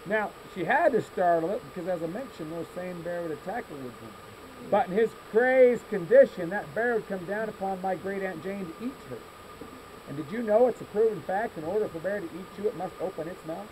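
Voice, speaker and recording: High-voiced man spinning folksy tall tales outdoors. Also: rough recording. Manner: deadpan exaggeration with asides to listeners. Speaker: campfire storyteller for a scout troop. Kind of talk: folksy tall-tale storytelling. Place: outdoors in a meadow. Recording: outdoor recording with loud insects and traffic.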